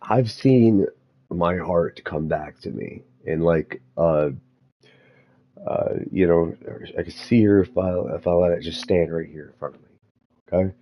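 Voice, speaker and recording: A man musing aloud in a meandering spiritual monologue, halting often and restarting his thoughts. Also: low-pitched, dull audio.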